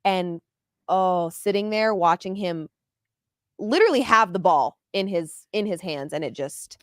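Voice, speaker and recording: A woman's voice: on the low side, unhurried, no echo, studio quality. A woman co-hosting a casual sports chat, speaking bluntly about betting. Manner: blunt and outspoken. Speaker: podcast co-host, betting analyst.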